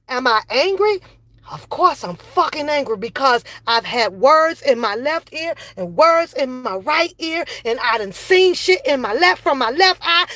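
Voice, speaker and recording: A woman's voice: sits high, bright, forceful tone, no room sound. A woman ranting angrily in a commentary video, profane and repetitive. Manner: heated, profane, repeats phrases. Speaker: commentary vlogger.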